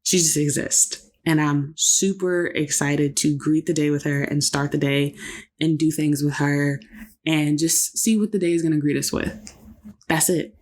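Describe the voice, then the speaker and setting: A woman's voice: sits low, a little slow, darkish tone. A woman co-hosting a couples podcast, telling a personal story in a reflective, faith-filled way. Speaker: podcast co-host. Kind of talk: casual chat.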